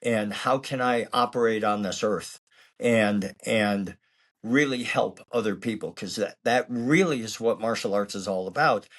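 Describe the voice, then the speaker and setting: A man who is a martial arts actor and instructor, speaking in a calm, reflective, philosophical way during a casual interview. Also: on the low side, unhurried.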